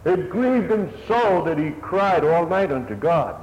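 A man's voice: on the high side, sing-song, unhurried, a little mellow. A man preaching a sermon in an earnest, old-fashioned manner, his voice swelling and dropping. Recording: echoey hall, dull lo-fi sound, faint hiss.

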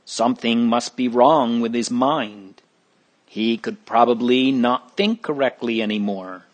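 Male narrator for a storybook; unhurried, deliberate, mid-pitched reading. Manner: slow, deliberate, plain.

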